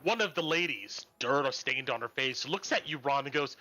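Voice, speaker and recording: Bright-voiced man narrating as game master. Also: mid-range voice, lively intonation, moderate pace, few pauses. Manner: narrates scenes and acts out crowd voices.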